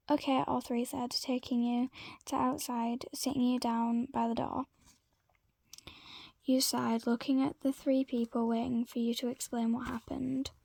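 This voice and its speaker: High-voiced woman narrating in whispers. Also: creaky, a little mellow, no room sound. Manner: halting, often whispered, with fillers. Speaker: fan story narrator. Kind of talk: casual amateur story narration.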